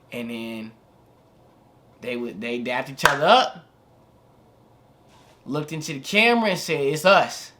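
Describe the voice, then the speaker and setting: A young man talks through his reactions in an easygoing, slangy ramble and keeps circling back with filler asides. His voice has a bright, forward edge at a middle pitch. He sounds like a vlogger chatting straight to his viewers. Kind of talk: casual reaction commentary.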